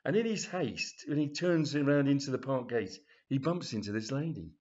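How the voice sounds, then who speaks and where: A man's voice: mid-range voice, expressive, normal speed, darkish tone. Rambling man reading his story. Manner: rambling, chatty, many restarts. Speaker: author. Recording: dull lo-fi recording.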